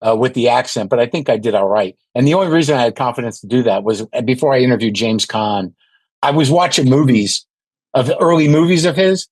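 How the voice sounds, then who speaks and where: Husky-voiced man rambling as guest. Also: medium pitch, fairly quick, darkish tone, dry recording, poor audio. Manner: rambling, self-deprecating, frequent restarts. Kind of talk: casual podcast chat.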